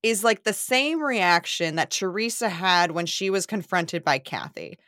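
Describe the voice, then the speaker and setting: A woman co-hosting a podcast in an animated, chatty way. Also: fairly low pitch, measured pace, no room sound, clean studio sound. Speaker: podcast co-host. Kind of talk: casual recap chat.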